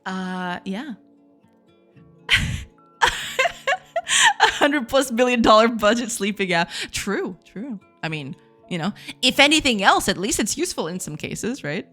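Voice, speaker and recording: A woman's voice: medium pitch, expressive, a little slow, pauses often, fairly bright tone, soft background music. Laughing woman streamer chatting with viewers. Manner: self-deprecating, laughs often, repeats words. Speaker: game dev streamer. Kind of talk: casual live-stream chat with viewers.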